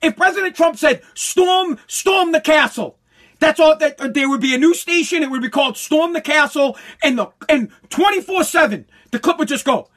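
High-voiced man in a profane, heated rant. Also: brisk, few pauses. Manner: heated, profane, bursts into shouting; stumbling restarts when worked up. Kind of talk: angry political rant.

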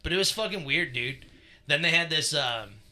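A man's voice: on the high side, animated, normal speed, sharp tone. A man co-hosting a podcast, telling a story in casual chat, swearing freely and rambling with lots of fillers. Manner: profane, rambling, full of fillers. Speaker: podcast co-host.

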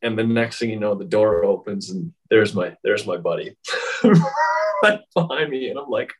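A man's voice: on the low side, expressive, moderate pace, slightly rough, low-quality recording. A man telling a story in casual chat, rambling with many fillers and frequent laughs.

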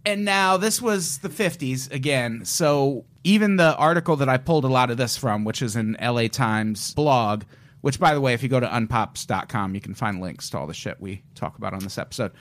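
A man's voice: medium pitch, animated, a little fast, fairly bright tone. Man co-hosting a joking podcast. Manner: joking, storytelling, puts on an old-timey voice at times. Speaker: podcast co-host. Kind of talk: casual true-crime podcast chat.

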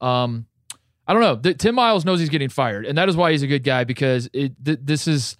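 A man's voice: medium pitch, expressive, a little fast, no echo, studio quality. A man co-hosting a sports podcast, telling a story earnestly in casual chat. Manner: earnest, storytelling, some restarts. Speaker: podcast co-host.

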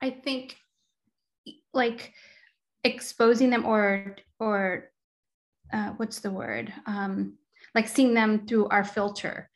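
A woman's voice: mid-range voice, takes it slowly, pauses often. A woman in a casual conversation who talks freely and laughs between phrases.

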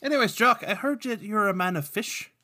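A man's voice: sits high, animated, a little fast, sharp tone, voice pushed up, full character voice. Patrick, a man doing a jovial Irish fisherman. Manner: folksy, jovial banter. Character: cheery Irish man, boat-loving fisherman.

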